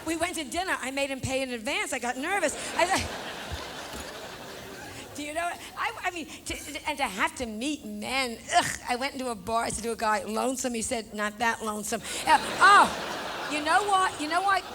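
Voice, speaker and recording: A woman's voice: high voice, lively intonation, normal speed. A woman doing a stand-up comedy routine, talking brashly and confidingly to the people in the audience. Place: stage before a live audience. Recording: noisy live stage recording.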